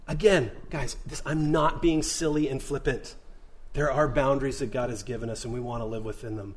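A man preaching a sermon in a casual, animated storytelling manner, acting out the voices of the people in his story. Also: mid-range voice, fairly quick. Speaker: pastor.

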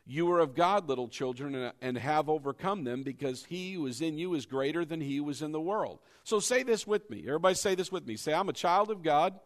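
A man preaching with a lively, swooping delivery that rises high and drops low as he drives his points home. He is a pastor leading his congregation in repeating scripture after him. His voice sits a bit above the usual pitch for a man. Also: fairly quick, few pauses. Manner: animated preaching, leads call-and-response with the congregation; acts out hesitant and doubting voices in a low mumble. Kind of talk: sermon.

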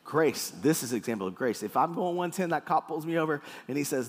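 Animated male preacher in a hall. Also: on the high side, a little fast, few pauses. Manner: animated storytelling, playful and joking. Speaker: pastor. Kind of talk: sermon. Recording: echoey hall.

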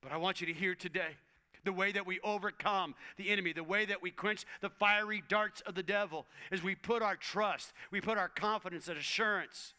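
A middle-aged man preaching a sermon, emphatic, repeating phrases and swinging from loud to whispers. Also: high voice, fairly even intonation, brisk, clean tone.

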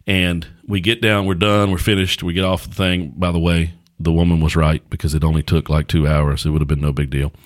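Middle-aged pastor-host, deep voice, loose folksy storyteller, casual podcast talk. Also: male voice, flat delivery, fairly quick, hardly any pauses.

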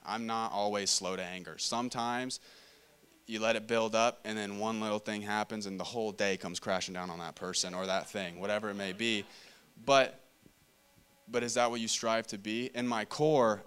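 A man's voice: fairly low pitch, fairly even intonation, moderate pace, fairly bright tone, clean tone. A man giving a casual sermon, reading scripture aloud and talking it through conversationally, often repeating and restarting phrases. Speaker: preacher. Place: church meeting room.

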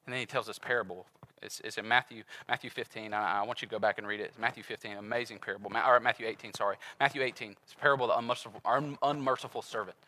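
Male preacher, bright and forceful tone, animated and conversational, acts out story voices. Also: lowish voice, very fast, rough recording. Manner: casual, conversational preaching with fillers. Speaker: pastor. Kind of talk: sermon.

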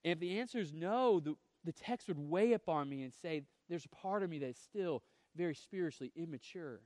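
A man's voice: on the high side, expressive, a little fast, a little mellow, no echo, studio quality. A man preaching a sermon in an earnest, conversational way, often restarting phrases, with a voice he calls whiny. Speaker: pastor.

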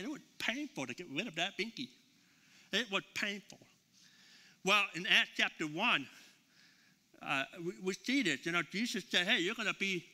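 A man's voice: high-pitched, sharp tone, in a large hall. A middle-aged male pastor preaching to a congregation in a church, in a conversational storytelling way full of fillers and repeated words. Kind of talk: sermon. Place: church sanctuary with a live congregation.

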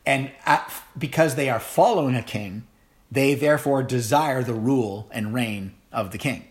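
A man's voice: mid-range voice, normal speed. A middle-aged man preaching a sermon, telling a story earnestly with frequent fillers and restarts. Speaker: pastor.

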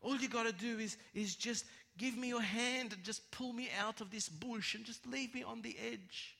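A man voicing a sly, deceitful male snake in a sermon parable, speaking softly and slowly in a wheedling way. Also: extremely high pitch, steady tone, gravelly, pitched above the performer's own voice, full character voice. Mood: pleading. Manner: wheedling, soft and slow. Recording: echoey hall, long reverb.

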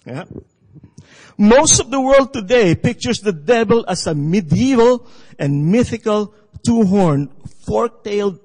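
A man preaching a sermon, telling a story with halting phrasing and calling for amens. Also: high voice, expressive, a little mellow, long reverb tail, poor audio.

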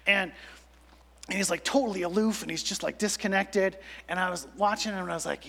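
A man's voice: high voice, fairly quick, vocal fry, pushed and bright. A young man preaching a sermon to a youth congregation, chatty and full of "like" fillers, acting out quotes as he goes. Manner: conversational, lots of "like" fillers, acts out quotes. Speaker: pastor. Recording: long hall reverb.

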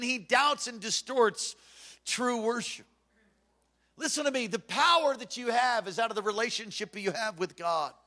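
A man's voice: very high voice, pushed and bright. A man preaching a fervent, emphatic sermon as pastor from a church stage.

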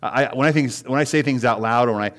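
A middle-aged man preaching a sermon as pastor, talking in a conversational way with frequent restarts, rising to loud emphasis and falling to soft sighs. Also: medium pitch, fast.

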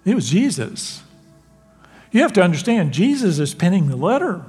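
A man preaching a sermon as pastor, animated and laughing, acting out quotes. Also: sits high, moderate pace, slightly rough, big-room sound, faint music behind.

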